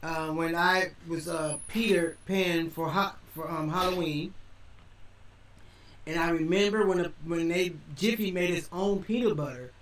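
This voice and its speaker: High-voiced man rambling in an echoey room. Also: unhurried, a bit bright, far from the mic, slight background noise. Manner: rambling, repeats himself, restarts often. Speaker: reaction video host. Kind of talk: casual rambling reaction.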